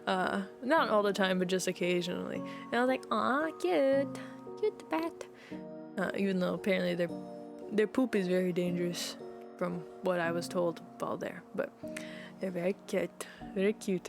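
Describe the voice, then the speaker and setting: Giggly rambling woman streamer. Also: medium pitch. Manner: rambling, giggly, lots of fillers. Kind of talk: casual stream chat.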